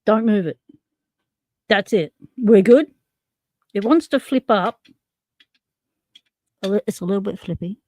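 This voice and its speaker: A woman's voice: medium pitch, a little slow, pauses often, mellow, no echo. A woman hosting a casual live stream, chatting and narrating as she works with her hands and reads comments aloud. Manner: chatty, narrating while tinkering, reading chat aloud. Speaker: livestream host.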